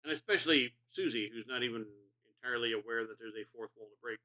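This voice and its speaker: A man's voice: medium pitch, quick pace, sharp tone. A middle-aged man streaming a video game, rambling and profane in casual commentary, self-mocking as he talks.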